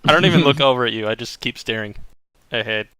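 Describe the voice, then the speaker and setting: A young man playing a tabletop game, animated and casually swearing. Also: mid-range voice, fast, clean tone, dry recording. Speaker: player.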